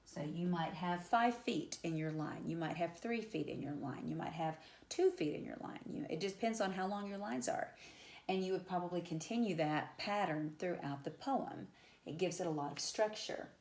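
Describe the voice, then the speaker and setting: A woman English teacher giving a conversational lecture, repeating example words aloud and using casual fillers. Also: lowish voice. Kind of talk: classroom lecture at a whiteboard. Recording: echoey room.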